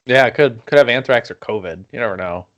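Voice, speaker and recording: A man hosting a casual podcast, at an ordinary pitch for a man. He mostly murmurs short agreements and adds quiet jokes between his guest's stories. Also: lively intonation, quick pace, dull audio. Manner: brief murmured agreements, low-key. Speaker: podcast host.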